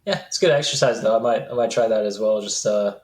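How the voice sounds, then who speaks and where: A man being interviewed as a coaching client, speaking hesitantly with halting restarts. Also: on the low side, a little mellow, echoey room. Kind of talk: interview conversation.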